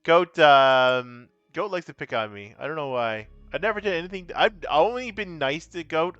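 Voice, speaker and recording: Playful chatty man, bright crisp voice. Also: fairly high pitch, expressive, normal speed, no echo, dull audio, faint music behind. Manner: playful, chatty, rambling with restarts; breaks into silly sing-song. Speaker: streamer playing a card game. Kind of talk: casual live-stream chat.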